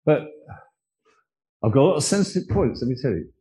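A man's voice: medium pitch, very animated, brisk, dark tone, breathy edge, low-quality recording. A man preaching a sermon, earnest and emotional, telling personal stories.

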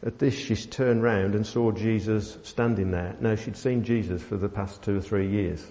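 A man preaching a sermon, telling a family story with many pauses and fillers. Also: lowish voice, fairly even intonation, mellow. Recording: dull sound in a long-reverb hall.

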